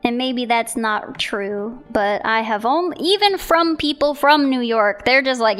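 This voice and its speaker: A woman's voice: fairly high pitch, animated, a little slow, hardly any pauses, fairly bright tone, soft background music. A young woman streamer chatting casually about viewer art, rambling with giggles and self-corrections. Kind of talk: casual chat.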